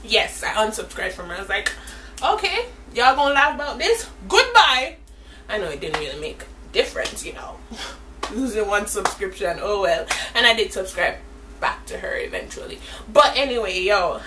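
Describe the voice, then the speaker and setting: A woman's voice: mid-range voice, recorded from a distance, a little hiss or hum, rough recording. A young woman telling a story in a chatty vlog, acting out the lines of the people in it. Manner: animated, chatty storytelling with voiced-out quotes. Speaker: vlogger.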